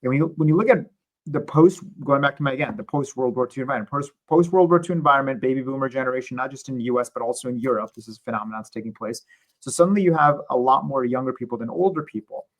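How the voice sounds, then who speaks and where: A man speaking as an interview guest, explaining economics in a measured, conversational way with occasional restarts. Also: mid-range voice, rough recording.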